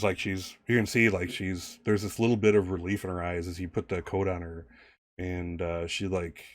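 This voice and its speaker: A man narrating a tabletop game as game master, in a rambling, halting way with many restarts. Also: sits low, no echo, studio quality.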